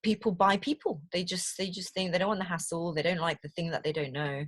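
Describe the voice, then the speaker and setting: Lively British woman voice actor. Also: lowish voice, brisk, dry recording. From Britain. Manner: animated storyteller, laughs easily, repeats words when starting. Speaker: voiceover artist guest. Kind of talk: casual interview chat.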